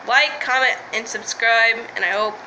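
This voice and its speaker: A woman's voice: fairly high pitch, moderate pace, dull audio, noisy background. A woman talking straight to camera in a candid vlog, frustrated and rambling, swearing freely and often apologizing. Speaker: vlogger. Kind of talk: candid, unscripted vlog monologue.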